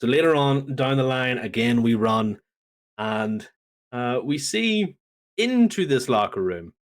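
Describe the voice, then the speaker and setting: A man's voice: mid-range voice, measured pace. A man co-hosting a podcast, chatting casually and animatedly as he recaps events and acts out what people said. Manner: animated storyteller, acts out quotes. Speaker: podcast co-host. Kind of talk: casual wrestling recap chat.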